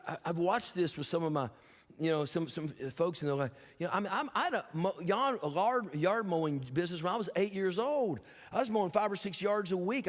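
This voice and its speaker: A man's voice: sits high, in a large hall. An older man preaching a sermon as pastor, telling folksy stories with humor and then urging his listeners earnestly. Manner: earnest, emphatic exhortation. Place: church sanctuary.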